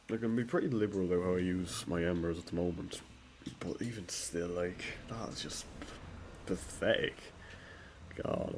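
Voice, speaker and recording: Deep-voiced man swearing over gameplay. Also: a little mellow, slight background noise. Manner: frustrated swearing, talking to himself. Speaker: gaming streamer. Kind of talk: live gameplay commentary. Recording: game music in background. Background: game music.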